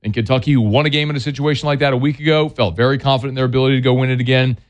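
A man's voice: medium pitch, steady tone, racing. A man hosting a sports talk show, giving blunt, scolding opinions in a plainspoken way. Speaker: sports talk radio host.

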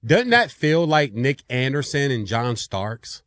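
A man co-hosting a sports talk show, energetic and playful, turning to address the listeners. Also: medium pitch, measured pace, no echo, studio quality.

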